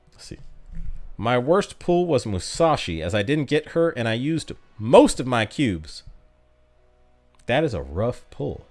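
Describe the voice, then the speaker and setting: A young man streaming a mobile game, chatting casually with his chat and laughing at himself. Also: mid-range voice. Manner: chatty, self-mocking, laughs often.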